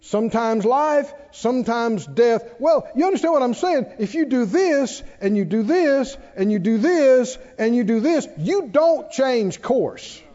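Male preacher, very high voice, animated sermon delivery, mimics the congregation, long church reverb, dull lo-fi sound. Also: unhurried, few pauses. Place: church sanctuary.

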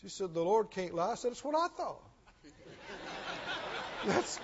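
A male preacher with a very high, lively voice who speaks slowly and leans hard on each point. The sound is dull and lo-fi, with a long reverb trailing off in a big hall. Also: some chatter behind, slight background noise. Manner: slow, emphatic preaching with rising intensity. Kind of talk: sermon.

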